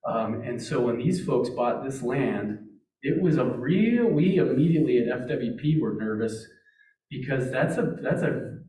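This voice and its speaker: A man's voice: mid-range voice, lively intonation, measured pace, warm tone. A man from Montana giving a conversational public talk at a meeting, telling stories with frequent restarts. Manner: conversational storytelling with many restarts. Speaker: wildlife agency speaker. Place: meeting hall. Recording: roomy echo, distant mic.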